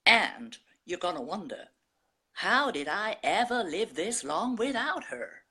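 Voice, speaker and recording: A woman's voice: mid-range voice, big pitch swings, slow pace, bright, forceful tone, husky, exaggerated voice. A woman voicing a cheerful old American grandfather, in a put-on American accent. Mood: folksy.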